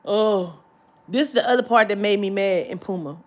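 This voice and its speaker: A woman's voice: mid-range voice, moderate pace, a little mellow. A woman vlogger telling a story in a heated, profane rant that breaks into laughter.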